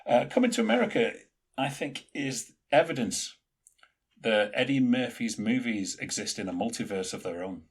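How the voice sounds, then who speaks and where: Husky-voiced man chatting about films. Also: medium pitch, lively intonation, moderate pace. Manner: rambling, piles up film trivia. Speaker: podcast co-host. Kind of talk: casual chat.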